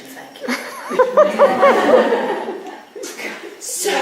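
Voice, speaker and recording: A woman in her sixties, a midwife, telling stories at a workshop and laughing often. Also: medium pitch. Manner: laughs often, lively storyteller. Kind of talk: storytelling talk at a workshop. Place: room at a workshop with listeners. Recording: very echoey room, distant mic, noisy.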